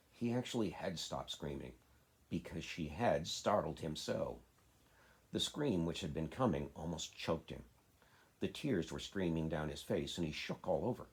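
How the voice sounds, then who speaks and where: A man, a father, reading a children's classic aloud in a steady, plain way. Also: rumbling low, moderate pace, slightly rough. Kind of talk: storybook reading.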